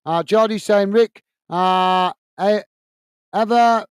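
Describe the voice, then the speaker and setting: A man from England hosting a live football watch-along, calling the play and chatting with viewers in a chatty manner that quickly turns to ranting. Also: sits high, fairly even intonation, clear, resonant tone, no echo. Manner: chatty, reads out viewer messages, quick to rant. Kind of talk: live football commentary and chat.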